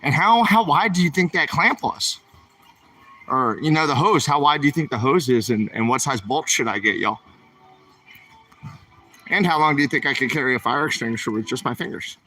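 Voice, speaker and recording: A man's voice: a little high, expressive, normal speed, pushed and bright, husky. A man, streaming while he walks the aisles of a store, chatting and asking his viewers questions. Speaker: vlogger. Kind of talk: livestream vlog while shopping.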